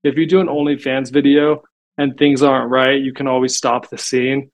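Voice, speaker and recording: A man's voice: mid-range voice, flat delivery, moderate pace. A man as a podcast guest, telling stories in a casual, chatty way and filling gaps with "like". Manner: chatty storytelling, frequent "like" fillers. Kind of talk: casual interview talk.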